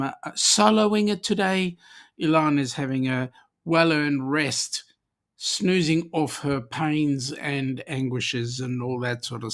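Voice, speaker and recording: A man's voice: on the high side, a bit bright. A middle-aged Australian man hosting a casual live-stream chat, joking and reading viewers' comments aloud. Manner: chatty, jokey, reads comments aloud.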